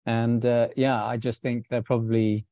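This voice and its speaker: A man's voice: mid-range voice, flat delivery, normal speed, mellow, no room sound, muffled recording. A man co-hosting a film club chat, talking casually and easily breaking into laughter. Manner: chatty, laughs often, backchannels.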